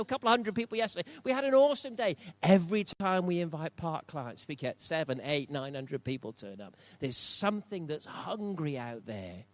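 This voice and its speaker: A man's voice: fairly high pitch, fairly bright tone, dry recording. An older man preaching a sermon in church, emphatic and repeating key phrases for stress. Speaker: pastor.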